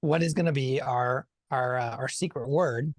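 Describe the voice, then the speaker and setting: Male podcast guest, medium pitch, friendly rambling talker, dry close sound. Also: normal speed, no echo. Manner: thinks aloud with many fillers and restarts, upbeat. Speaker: podcast guest, consultant and author. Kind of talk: casual conversational interview.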